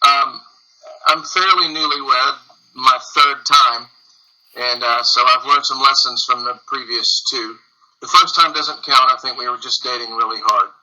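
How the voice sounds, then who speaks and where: A man calling in over a video call, asking a personal question hesitantly, with many pauses and self-deprecating asides. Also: mid-range voice, sharp tone, low-quality recording.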